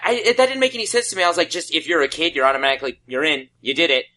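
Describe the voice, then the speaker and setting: Male co-host, bright tense tone, swooping lively delivery. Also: on the high side, rapid-fire. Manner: animated, laughing, rambling. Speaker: podcast co-host. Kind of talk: casual comedic chat.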